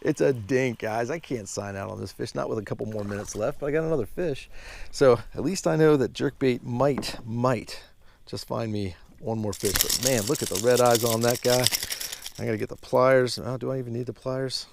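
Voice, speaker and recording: A man giving excited fishing commentary from a boat on a mountain lake, exclaiming often and calling out to viewers as guys. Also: medium pitch, normal speed, creaky. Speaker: fishing vlogger.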